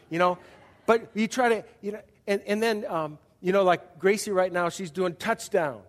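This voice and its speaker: A man's voice: high voice, moderate pace. Man preaching in a reverberant hall. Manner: conversational, asks the audience questions, frequent restarts. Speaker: pastor. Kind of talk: sermon.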